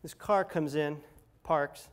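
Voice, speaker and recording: A middle-aged man telling a candid personal story, dramatic and confessional, dropping to a hush at tense moments. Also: fairly high pitch, fairly even intonation, takes it slowly. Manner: candid, dramatic retelling with acted quotes and swings from loud to hushed. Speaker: speaker sharing a personal recovery story.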